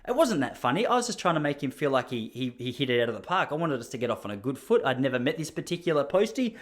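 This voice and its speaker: An Australian man hosts a podcast alone, spinning a casual yarn with mock outrage. His voice sits mid-pitch but swings widely, rising high in disbelief and dropping low for the asides. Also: fast. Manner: animated and ranting, with mock outrage. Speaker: podcast host. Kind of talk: casual storytelling monologue.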